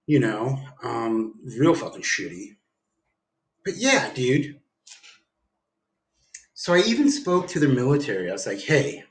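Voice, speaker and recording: A man's voice: mid-range voice, sing-song, unhurried, pauses often. A man rambling through a profane, jumpy livestream monologue from home. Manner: rambling, profane, jumps around the story. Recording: echoey room.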